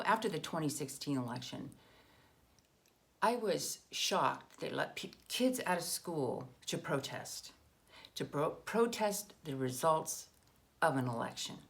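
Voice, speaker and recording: Emphatic woman with a low, lively voice. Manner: emphatic, indignant, with frequent restarts. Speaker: political commentary host. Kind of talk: casual political monologue.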